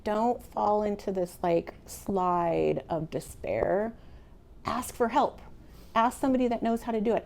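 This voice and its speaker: A woman's voice: mid-range voice, unhurried, creaky. Chatty woman giving a real estate talk. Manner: conversational, animated, addresses the audience directly. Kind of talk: motivational talk to an audience. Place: meeting room with a live audience.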